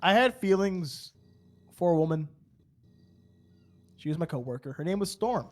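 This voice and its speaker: A man's voice: fairly high pitch, lively intonation, moderate pace, soft background music. A man roleplaying on a game server, telling an in-character story in a rambling way, full of fillers and stammered restarts. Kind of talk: in-character story, casual chat.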